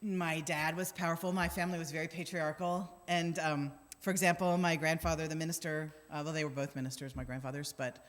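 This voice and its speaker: A woman's voice: low voice, little pitch movement, brisk, hardly any pauses. A middle-aged woman minister telling wry, self-deprecating stories in a conversational sermon, acting out the quotes. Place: church sanctuary. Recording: long church hall reverb.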